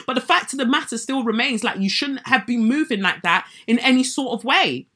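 A woman, hosting a podcast and telling a personal story in an animated, indignant way, acting out what others said. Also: fairly high pitch, fast talker, hardly any pauses, slightly rough. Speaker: podcast host. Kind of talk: personal story told to listeners.

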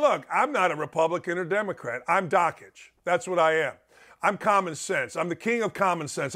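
Here is a middle-aged male talk-show host with a notably high voice. He rants through an opinionated monologue, sarcastic and mocking, as he hammers his points home. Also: a bit bright. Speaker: sports radio host.

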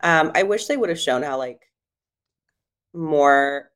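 Brief: young woman guest, low voice, chatty, acts out her own stories. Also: takes it slowly. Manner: chatty storytelling, quotes herself in lively voices. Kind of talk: casual chat.

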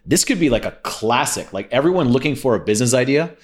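A man's voice: medium pitch, animated, fast. A young man, a copywriter, talking bluntly in casual chat, swearing freely and quoting himself. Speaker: podcast guest, copywriter.

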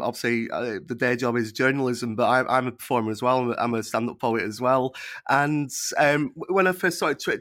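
Man, Lancashire accent, halting, stumbling restarts, mid pitch, dry sound. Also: fairly bright tone, no room sound. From Accrington, Lancashire. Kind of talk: podcast discussion.

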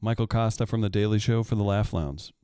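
A man's voice: fairly low pitch, a little fast, dark tone, smooth, no room sound, clean studio sound. A man in his thirties hosting a show in casual chat, laid-back, with short remarks. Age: 30s. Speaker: podcast host.

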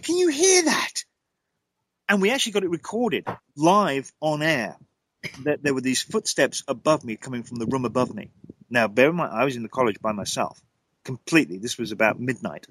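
Man, storytelling guest, dramatic, jumpy pitch, dry close sound. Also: dry recording, rough recording. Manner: lively, dramatic storyteller with sudden pitch jumps. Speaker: guest telling a ghost story. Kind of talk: animated anecdotal storytelling.

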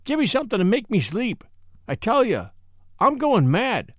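A man's voice: high voice, very animated, moderate pace, a bit bright, no room sound, studio quality, voice pushed up, full character voice. A man voicing a desperate, sleepless young Englishman who pleads in a trembling, frantic way. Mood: desperate pleading.

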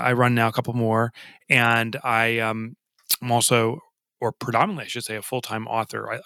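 A man being interviewed as a guest author, telling his story in a lively, self-deprecating way and often repeating words as he starts sentences. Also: medium pitch, gravelly, no room sound. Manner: animated and self-deprecating, with frequent stammered repeats.

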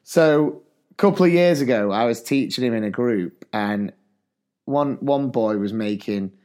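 A man's voice: mid-range voice, unhurried, a little mellow. A man, a teacher co-hosting a podcast, telling rambling classroom stories full of asides. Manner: rambling, chatty, lots of fillers and asides. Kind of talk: casual storytelling chat.

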